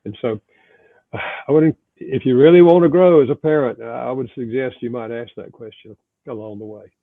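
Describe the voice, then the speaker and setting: A man's voice: mid-range voice, normal speed, gravelly, no echo. Older man on a tinny phone line. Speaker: author and pastor guest. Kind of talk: reflective storytelling interview.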